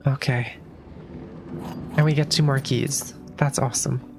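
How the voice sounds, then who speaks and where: Woman, low voice, casual game commentary, thinks aloud, faint background music. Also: fairly even intonation, measured pace. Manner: thinks aloud, restarts sentences, swears casually. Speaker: streamer.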